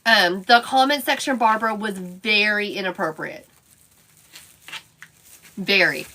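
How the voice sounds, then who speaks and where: A woman's voice: mid-range voice, unhurried, sharp tone, slight background noise. A woman hosting a casual craft live stream, chatting and answering viewer comments by name as she works.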